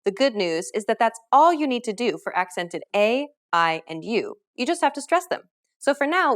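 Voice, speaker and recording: Lively, high-voiced woman teaching pronunciation. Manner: clear, upbeat explanations with modeled example words. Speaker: language teacher. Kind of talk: scripted pronunciation lesson.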